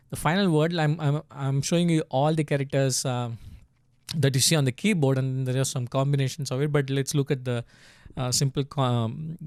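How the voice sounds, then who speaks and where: A man teaching how to read and type letters in a casual screen tutorial. He speaks haltingly, with many fillers and restarts, and chuckles now and then. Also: fairly high pitch, a little mellow, no echo, clean studio sound. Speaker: language tutor.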